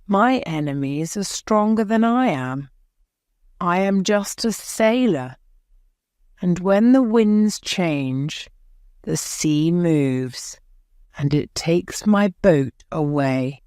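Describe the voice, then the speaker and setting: A weary king speaks in a low, gentle voice, drawing every word out very slowly, read by a woman narrator. He sounds sorrowful and resigned, with no echo around him. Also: lively intonation, smooth, studio quality. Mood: sad. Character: weary, sad abdicating male king.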